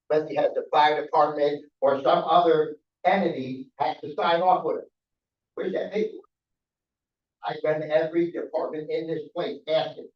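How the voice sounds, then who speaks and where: Aggrieved middle-aged man, distant and roomy. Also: fairly high pitch. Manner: aggrieved, repetitive, pleading. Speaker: resident giving public comment. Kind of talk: public comment at a council meeting. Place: council chamber. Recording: roomy, distant, dull chamber audio.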